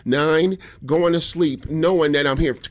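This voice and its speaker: A man's voice: on the high side, unhurried. A man from Detroit hosting a morning radio show, chatting casually and playfully imitating sounds. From Detroit, USA. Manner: animated, jokey, imitates sounds. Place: radio studio. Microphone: studio microphone.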